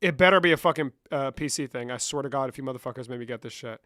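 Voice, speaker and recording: A man's voice: mid-range voice, rapid-fire, fairly bright tone, no room sound, studio quality. A young man chatting on a live stream, bantering with viewers in a profane, joking way and slipping between English and Spanish. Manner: profane, bantering, answers chat questions aloud. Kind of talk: casual live-stream chat.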